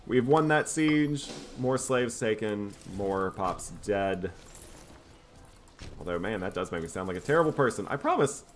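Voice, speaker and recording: A man casually commentating his own strategy game playthrough in a relaxed, wry, self-mocking way. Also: fairly low pitch, a little hiss or hum. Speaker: gameplay commentator. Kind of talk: casual let's-play commentary.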